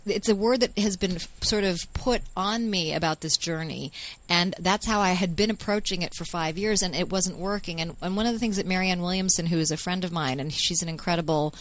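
A woman's voice: on the low side, a little fast, few pauses, poor audio. A woman guest in a casual podcast conversation recorded in a garage, talking in an earnest, emphatic way. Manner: earnest, emphatic, quotes others often.

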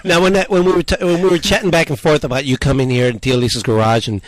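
A man's voice: on the high side, fairly even intonation, fast, no echo. A man hosting a casual podcast in a garage, laid-back and agreeable. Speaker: podcast host.

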